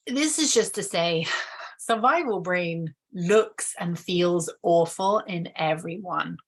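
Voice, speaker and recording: A woman explaining relationship conflict in a casual, thoughtful way, often restarting and briefly acting out what people say. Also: fairly low pitch. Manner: thoughtful, acts out quoted voices, many restarts. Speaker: relationship educator.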